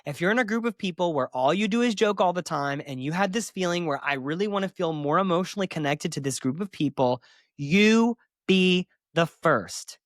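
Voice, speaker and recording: A fairly high-voiced man hosts a solo podcast, speaking candidly and with emphasis. He drops sassy asides as he talks. The sound is dry and close. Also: expressive, fast talker, few pauses, dry recording. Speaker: podcast host and therapist.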